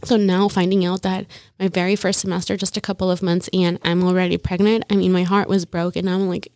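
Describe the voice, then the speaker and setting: A woman's voice: on the low side, level tone, a little fast, darkish tone, no room sound, clean studio sound. A young woman as an interview guest, telling her story casually and often acting out quotes with lots of "like". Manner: chatty, often says "like" and acts out quotes.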